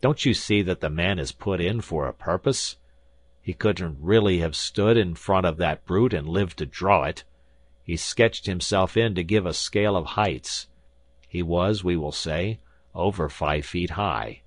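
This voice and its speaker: A man's voice: low voice, measured pace, no room sound. A man voicing an arrogant, bombastic older professor who lectures with scorn. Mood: scornful.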